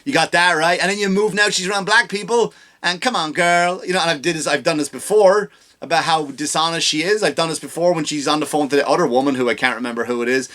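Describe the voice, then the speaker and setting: A man's voice: fairly high pitch, lively intonation, a little fast, bright, forceful tone. A man hosting a comedy podcast, delivering a sarcastic, profane rant. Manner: mocking, exaggerated.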